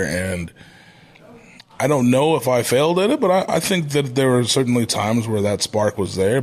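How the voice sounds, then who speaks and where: A man in his thirties, a wrestler as podcast guest, speaking in a measured, thoughtful way. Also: fairly low pitch, slightly rough. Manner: measured, deliberate delivery with frequent restarts. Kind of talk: thoughtful interview talk.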